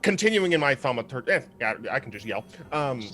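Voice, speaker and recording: A man's voice: medium pitch, big pitch swings, fairly quick, pushed and bright, slight background noise. A man playing a tabletop game, jokey and offhand. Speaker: player. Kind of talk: casual tabletop game play.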